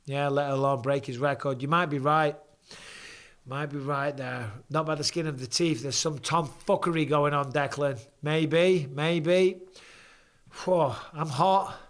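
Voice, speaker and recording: Worn-out male stream host with a slightly high voice, blunt and profane, chatting casually with viewers. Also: fairly even intonation, a little slow, fairly bright tone. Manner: blunt and chatty, swears freely, reads viewer comments aloud. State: tired after hours of talking. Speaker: host of a live fight watch-along stream. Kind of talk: casual live-stream reaction chat.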